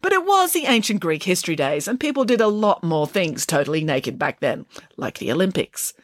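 A woman narrating a children's storybook with animated, playful storytelling. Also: lowish voice, fairly quick, dry recording, studio quality.

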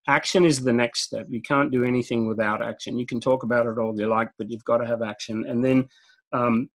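A man's voice: mid-range voice, fairly even intonation, brisk. A man with an Australian accent, a guest speaker telling stories in a direct, talkative way and laughing at his own jokes. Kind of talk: conversational storytelling interview.

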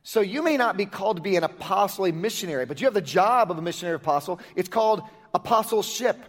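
A man's voice: high voice, lively intonation, fast. A male pastor preaching a sermon emphatically and firing off rhetorical questions at his congregation. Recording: long reverb of a large hall.

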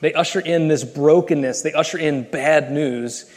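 A pastor giving an emphatic, earnest sermon and reading scripture aloud. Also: male voice, a little high, moderate pace, a little mellow, long reverb tail. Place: church sanctuary.

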